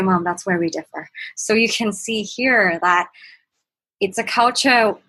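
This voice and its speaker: A woman with a husky, slightly breathy voice at an ordinary middle pitch, recounting a personal experience in an interview. She talks in halting stretches with frequent restarts. She acts out the quoted lines of an argument. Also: a bit bright, poor audio. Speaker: program participant, guest. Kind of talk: casual personal storytelling.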